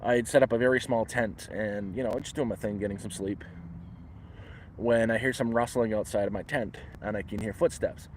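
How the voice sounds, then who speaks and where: A Canadian man livestreams casually from the woods, his fairly low voice fairly even in intonation at a moderate pace, with a little hiss or hum. He rambles through his stories, often restarting, and acts out the quoted voices.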